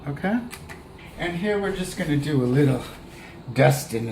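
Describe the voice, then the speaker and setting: A man giving a relaxed, chatty cooking demonstration, talking through each step as he works. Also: fairly high pitch, normal speed, pauses often, reverberant, noisy background. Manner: relaxed, chatty, talks while working. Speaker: cooking instructor.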